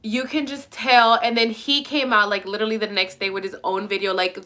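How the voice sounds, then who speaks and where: A woman's voice: medium pitch, fairly even intonation, a little fast, pushed and bright. A young woman talking casually to her viewers, rambling and emphatic, swearing a lot. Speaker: vlogger. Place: at her mother's home.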